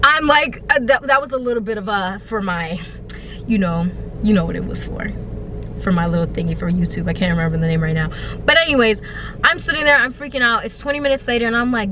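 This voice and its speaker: A young woman telling a storytime to her YouTube viewers, casual and profane, slipping into dramatic high-pitched wailing and mock sobbing. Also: fast talker, bright, forceful tone, a little hiss or hum. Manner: profane, slangy and conversational. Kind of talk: animated storytime vlog.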